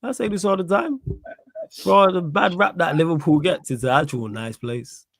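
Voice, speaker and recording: A young Mancunian man with a gravelly, creaky edge to his voice, chatting casually about football in a loose, slangy way. His voice is close and dry, with no room sound around it. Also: fairly high pitch, normal speed, no room sound. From Manchester, England. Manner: laid-back, laughs often, slangy. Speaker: podcast host.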